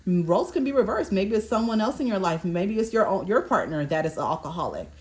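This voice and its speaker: Talking fast in an expressive, mid-range voice, a woman reads out card meanings during a collective fortune reading. As a tarot reader, she stumbles over words here and there and keeps asking viewers "okay?"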